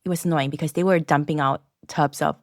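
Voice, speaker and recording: A woman in her thirties co-hosting a parenting podcast in relaxed, casual chat, laughing easily. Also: deep voice, quick pace, no room sound, clean studio sound. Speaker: podcast co-host.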